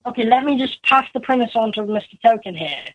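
A man voicing a polite, persistent British talent agent who keeps pitching his idea without getting rattled. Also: normal speed, a bit bright, muffled recording.

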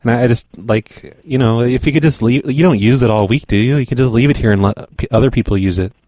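A man making a prank phone call, pushy, rude and deadpan. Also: medium pitch, quick pace, no echo, studio quality. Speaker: prank caller.

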